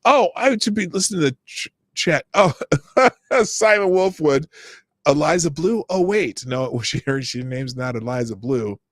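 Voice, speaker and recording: A man's voice: on the high side, lively intonation, moderate pace, dry recording, studio quality. Sarcastic, ranting male stream host. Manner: sarcastic, bursts into shouted rants. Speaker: live-stream show host. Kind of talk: live-stream news commentary, reading chat.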